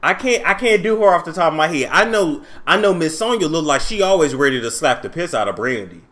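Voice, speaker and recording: A man hosting a casual reality TV commentary vlog, animated, laughing and gossipy. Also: fairly high pitch, a little fast. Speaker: commentary vlogger.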